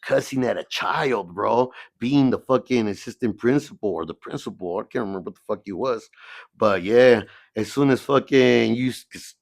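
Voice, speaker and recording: A man's voice: medium pitch, moderate pace, gravelly, no echo. A middle-aged man from the San Diego area, a podcast guest telling stories in casual talk, cursing heavily and often asking "you know what I mean.". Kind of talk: casual storytelling, heavy cursing.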